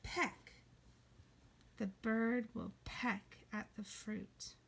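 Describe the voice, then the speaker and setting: A woman teaching a kindergarten reading lesson, playful, slipping into high excited cries and soft whispers. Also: slow pace, slightly rough.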